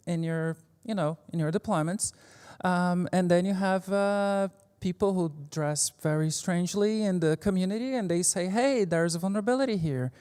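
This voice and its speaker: Low-voiced woman presenting in a reverberant hall. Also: warm tone, smooth. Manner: informal and joking, with frequent fillers and mild swearing. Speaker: conference speaker. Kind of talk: casual technical presentation. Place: conference stage.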